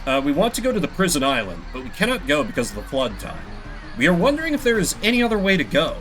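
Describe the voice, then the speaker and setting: A man's voice: fairly high pitch, huge pitch swings, fast, a bit bright, soft background music, poor audio. A man voicing a polite young male hero in a video game, plain and earnest.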